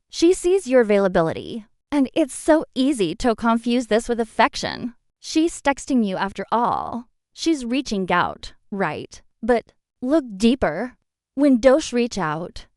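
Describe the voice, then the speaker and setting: A woman with a voice on the high side gives scripted narration in clean studio sound with no echo. She speaks directly to the listener in the second person, offering blunt advice and asking rhetorical questions.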